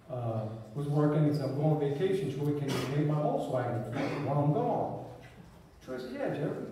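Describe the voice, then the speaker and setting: A man's voice: a little high, noisy background. A man giving a eulogy, telling an upbeat story about a friend and laughing through it. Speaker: eulogy speaker. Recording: echoey hall from far off.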